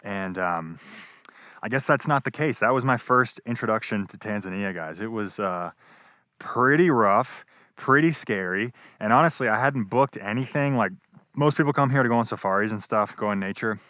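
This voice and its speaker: A man's voice: on the low side, expressive, normal speed, pushed and bright, dry recording, studio quality. A young man telling a casual travel vlog story, rambling and swearing freely, with lots of "like" and "um". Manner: rambling, profane, full of fillers. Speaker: travel vlogger. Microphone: wireless clip-on mic.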